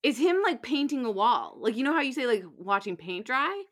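Woman, podcast co-host, casual chat, giggly, chiming in, fairly high voice. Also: sing-song, fairly bright tone. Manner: giggly, chiming in with quick agreement.

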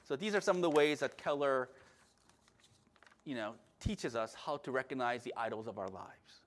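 A man preaching a sermon with passion, at times loud, at times calm. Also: medium pitch, moderate pace. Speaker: pastor.

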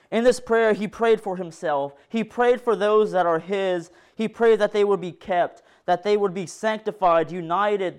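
A man delivers a sermon in a fairly high, smooth and resonant voice. He reads scripture aloud earnestly, pressing some phrases harder and letting others drop low. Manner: earnest preaching that reads scripture aloud, rising and falling in force. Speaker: preacher.

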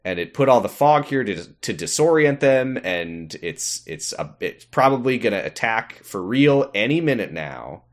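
A man co-hosting a podcast, recapping an episode in a rambling, deadpan way with profane asides. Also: on the low side, normal speed, hardly any pauses. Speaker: podcast co-host. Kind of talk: casual chat recapping an episode.

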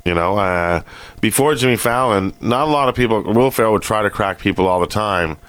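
A man's voice: lowish voice, fairly quick, fairly bright tone, no echo. A man hosting a podcast, chatting casually and rambling with many fillers and restarts. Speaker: podcast host. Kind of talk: casual chat.

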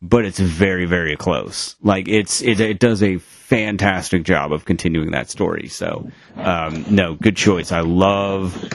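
Podcast co-host, male, deep and dry, loose rambling delivery with lots of ums. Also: steady tone, measured pace, no room sound. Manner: rambling, many fillers and restarts. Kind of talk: casual chat. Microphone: remote call.

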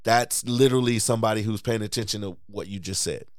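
A man's voice: lowish voice, quick pace, no room sound, studio quality. A man hosting a podcast, chatting casually, often affirming and laughing along. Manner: affirming, frequent backchannels and laughter. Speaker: podcast host. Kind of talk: casual conversation.

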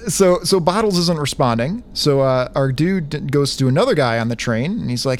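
A man's voice: a little high, lively intonation, moderate pace, few pauses. A man co-hosting a casual podcast, retelling a comic story in a rambling way with many fillers and restarts. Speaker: podcast co-host recapping a comic. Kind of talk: casual chat.

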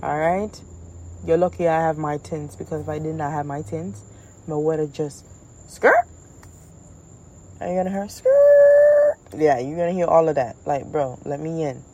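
Low, mellow-voiced woman ranting casually. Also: normal speed, muffled recording, slight background noise. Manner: blunt, profane, animated storytelling. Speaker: podcast host. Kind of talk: casual comedic monologue.

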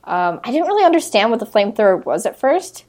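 A woman co-hosting a podcast, chatting in a relaxed, agreeable way with plenty of fillers. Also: on the high side, fast. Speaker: podcast co-host. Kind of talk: casual chat.

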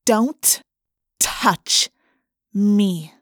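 A woman's voice: medium pitch, extremely slow, dry recording, clean studio sound. A woman voicing a fierce teenage girl who speaks in a cold, hard tone.

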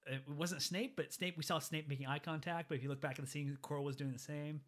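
A man chatting casually about a film, animated and quick to act out lines in passing. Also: on the high side.

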